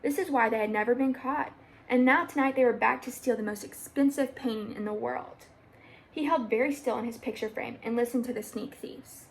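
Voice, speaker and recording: A young woman reads a children's book aloud in a steady, plain storytelling voice. Her voice is a little high and clearly gravelly, with a faint hiss underneath. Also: fairly quick, low-quality recording. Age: young adult. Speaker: storybook reader.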